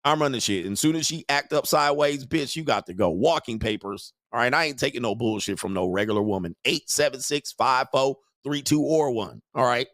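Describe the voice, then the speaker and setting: Speaking a bit quickly with few pauses, this male host delivers a crude, mocking livestream rant and laughs frequently. His ordinary mid-pitched voice has lively intonation and a slightly bright quality, recorded dry and close without any room echo.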